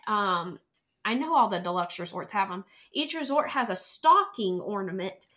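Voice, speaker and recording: A woman chatting as a guest, an animated storyteller who acts out quotes. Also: mid-range voice, normal speed. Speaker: podcast guest, travel planner. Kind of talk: casual chat.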